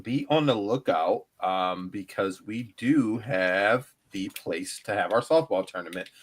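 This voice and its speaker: A man's voice: fairly low pitch, unhurried. A man co-hosting a casual podcast, making announcements in an easygoing way, with fillers and laughter. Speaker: podcast co-host, charity organizer.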